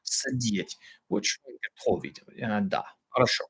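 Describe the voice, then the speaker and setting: On the low side with a fairly bright tone and a breathy edge, this middle-aged man speaks at a moderate pace. An English speaker, he hosts a casual live language-practice vlog stream, thinking aloud with many fillers and restarts as he tries Russian words.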